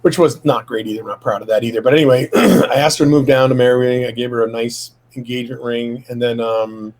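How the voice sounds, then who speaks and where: A man's voice: mid-range voice, steady tone, fast talker, a little mellow, rough recording. A middle-aged man sharing a personal testimony from his home office, talking in a rambling, casual way with many fillers and quoted dialogue.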